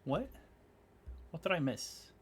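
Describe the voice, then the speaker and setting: A streamer from Sweden chats casually and profanely to a live audience from a room at home, talking both to chat and to a pet. The voice is medium-pitched with big pitch swings and a slow pace, and music plays in the background.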